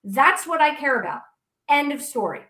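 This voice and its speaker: Combative high-voiced woman, echoey room. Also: lively intonation, moderate pace, pushed and bright. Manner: combative, blunt, profane. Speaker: guest. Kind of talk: heated interview.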